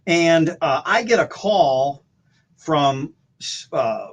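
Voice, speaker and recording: A man's voice: on the high side, expressive, extremely slow, highs cut off. Man telling rambling road stories. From St. Louis. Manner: rambling anecdotes with many restarts and fillers. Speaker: guest musician. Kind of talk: casual storytelling chat. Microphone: video call.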